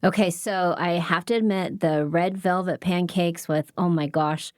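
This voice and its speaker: Chatty woman podcast host, lowish voice. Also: steady tone, a little slow, darkish tone, dry recording, studio quality. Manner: enthusiastic and chatty. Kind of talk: casual interview chat.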